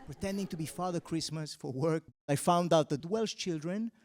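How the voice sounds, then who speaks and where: A young man from Spain performing a stand-up comedy set on a stage, loud and exasperated on his punchlines. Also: a little high, normal speed. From Mallorca, Spain. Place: arts centre stage with a live audience.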